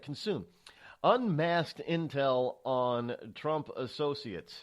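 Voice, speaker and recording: Guy hosting talk radio, kinda high voice, rambles and stammers a lot, gets emphatic. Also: takes it slowly. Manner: rambling, with frequent restarts and stammers; animated, emphatic delivery. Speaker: radio show host.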